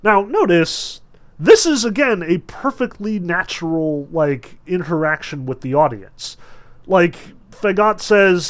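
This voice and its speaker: Brief: a male literature teacher, casual and animated, voice a touch high. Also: slow. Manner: animated and chatty, with frequent fillers. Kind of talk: casual lecture with read-aloud passages.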